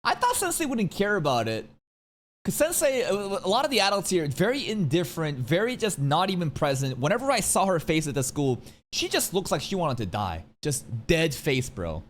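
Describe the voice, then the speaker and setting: Animated, slangy male anime reactor. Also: high-pitched, moderate pace, a little hiss or hum. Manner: animated, slangy and profane, often says "bro". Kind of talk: casual reaction commentary.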